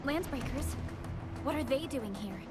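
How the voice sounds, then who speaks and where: A woman voicing a calm, serious young female supervisor in a video game, speaking in a measured, formal way. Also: high-pitched, soft background music. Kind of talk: game voice acting. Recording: quiet game audio with reverb.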